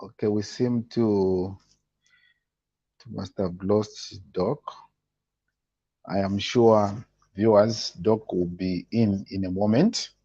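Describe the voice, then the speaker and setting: A man hosting a talk show, putting questions to his guest with many fillers and pauses. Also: lowish voice, fairly even intonation, mellow, husky, dry recording, muffled recording. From Zambia.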